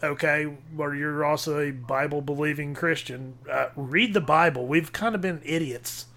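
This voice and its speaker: A man with a bright, slightly high voice co-hosting a loose, casual podcast. He rambles from point to point, opinionated and joking. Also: normal speed. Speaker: podcast co-host. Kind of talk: casual chat.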